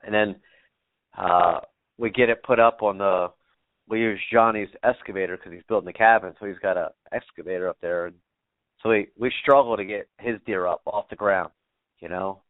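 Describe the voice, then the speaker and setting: A man's voice: fairly low pitch, steady tone, normal speed, dry recording. A man telling a story as a podcast guest, rambling, with many fillers and casual swearing. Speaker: podcast guest, bow hunter. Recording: tinny phone-like remote line.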